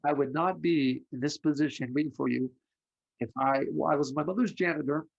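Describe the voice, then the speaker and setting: A man giving a psychic reading, telling stories with lively acted-out voices. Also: fairly high pitch, fairly quick, vocal fry. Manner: animated storyteller, acts out voices in anecdotes. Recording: lo-fi muffled audio.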